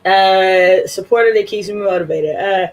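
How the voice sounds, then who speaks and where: A woman co-hosting a casual chat, relaxed with dry humor. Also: mid-range voice, normal speed, slight background noise. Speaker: podcast co-host.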